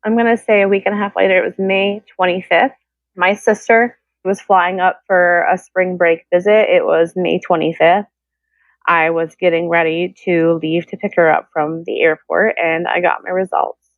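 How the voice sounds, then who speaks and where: Over a tinny phone line with no room sound, a woman recounts her personal story with raw emotion, imitating others' voices when she quotes them. She speaks at normal speed in a lowish, fairly flat voice.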